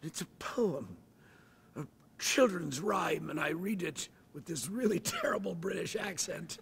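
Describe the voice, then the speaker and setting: A man in his sixties, an actor telling stories in an interview, animated and dropping to hushed asides. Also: high voice, a little slow, creaky. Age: 60s. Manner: animated, drops to hushed asides, acts out voices. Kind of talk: anecdotal storytelling. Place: theatre.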